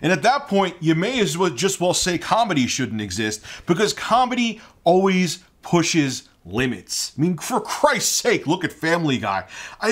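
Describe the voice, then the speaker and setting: A man's voice: a little high, fairly bright tone. Heated male commentator ranting. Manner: indignant, heated, rhetorical questions. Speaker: online commentator.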